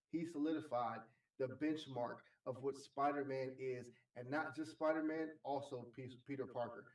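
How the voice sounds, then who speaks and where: A man's voice: fairly high pitch, echoey room, rough recording. A man co-hosting a casual podcast, speaking reflectively and telling stories. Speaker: podcast co-host.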